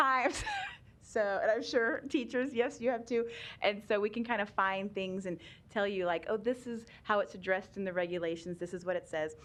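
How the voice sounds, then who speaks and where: A middle-aged woman in a legislative hearing, explaining special education rules in a chatty way with frequent laughs and fillers. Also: mid-range voice. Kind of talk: conversational testimony.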